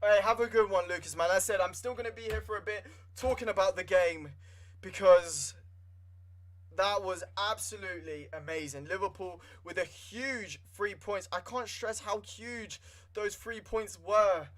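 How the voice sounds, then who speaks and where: A young man giving live fan commentary on a football match, excitable and swinging from nervous muttering to shouting. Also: high-pitched, normal speed. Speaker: livestream football watchalong host.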